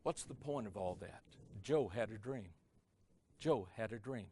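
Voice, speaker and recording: A man preaching as a pastor, telling a story in a sermon and swinging his loudness from hushed to loud for effect. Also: fairly low pitch, unhurried, a little hiss or hum. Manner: animated, varies loudness for effect. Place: church or conference hall.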